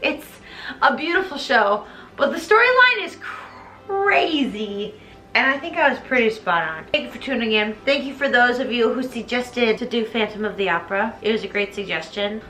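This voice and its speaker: Tipsy young woman vlogger, bright and high, very lively pitch, chatty and giggly. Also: normal speed. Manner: chatty, giggly, acts out characters in put-on voices. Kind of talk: tipsy comedic plot recap.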